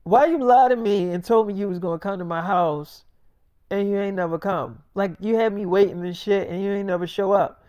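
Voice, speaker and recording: A man's voice: high-pitched, fairly quick, darkish tone, smooth, no room sound, natural voice. A man voicing an angry young woman who accuses him, in a freestyle story. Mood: angry scolding. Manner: scolding, accusing.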